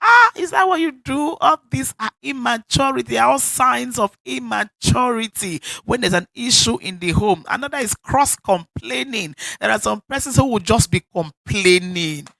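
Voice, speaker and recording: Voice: mid-range voice, expressive, moderate pace, vocal fry, few pauses, bright, forceful tone, no room sound. A preacher with a Nigerian accent giving an emphatic church sermon, repeating key phrases and laughing often. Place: church service.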